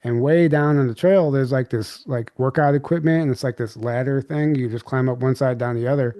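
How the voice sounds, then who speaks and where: Guy rambling thru a weird story on a podcast, mellow voice, dry sound, lots of "like". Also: mid-range voice, fairly even intonation, brisk, no room sound. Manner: rambling, filler-heavy recounting with many restarts. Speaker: podcast guest. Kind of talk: candid storytelling.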